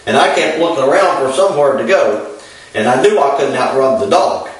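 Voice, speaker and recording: A man tells a story from the pulpit in a folksy, unhurried way, often pausing on fillers. His voice sits at an ordinary middle pitch. It sounds echoey and far from the microphone. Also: lively intonation. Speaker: preacher. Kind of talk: storytelling sermon.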